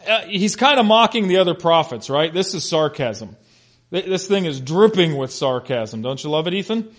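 Animated man teaching a Bible lesson. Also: a little high, normal speed. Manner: animated, questioning the class, humorous.

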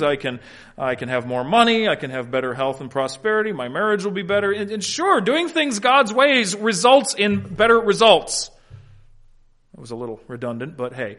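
A man preaching a sermon as pastor, swinging between loud, emphatic points and quiet asides, and explaining Greek wording in a teacherly way. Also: high-pitched.

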